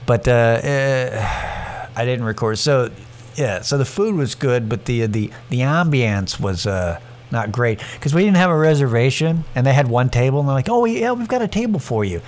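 A man's voice: mid-range voice, normal speed. A man hosting a podcast, telling a rambling, profane story in a casual way with many restarts. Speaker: podcast host.

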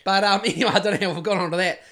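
A man's voice: sits high, steady tone, very fast, bright, forceful tone. A man with a New Zealand accent co-hosting a podcast in casual chat, rambling, crude and sardonic, often trailing off and restarting his sentences. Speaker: podcast co-host.

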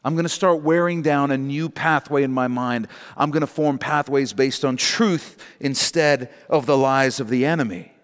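A male pastor preaching a sermon, emphatic and slowing down to stress key words. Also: mid-range voice. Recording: long hall reverb.

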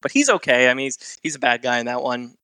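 Man, bright tense voice, dry sound, matter-of-fact podcast host. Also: medium pitch, sing-song, fast talker, clean tone, no room sound, poor audio. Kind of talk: casual chat, reading career notes.

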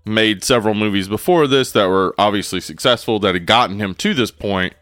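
A man's voice: fairly low pitch, fairly quick, no echo, soft background music. A man co-hosting a podcast, chatting casually with many fillers and the odd swear. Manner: relaxed, profane, rambling. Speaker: podcast co-host. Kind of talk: casual chat.

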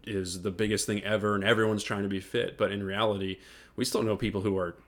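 Earnest low-voiced male podcast co-host. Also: little pitch movement, fast, a bit bright. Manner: earnest, reflective, laughs easily. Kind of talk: casual faith podcast chat.

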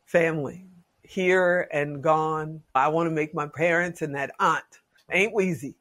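A woman in her late fifties, a podcast guest talking in a casual interview as an expressive, folksy storyteller. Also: deep voice, unhurried. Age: 50s.

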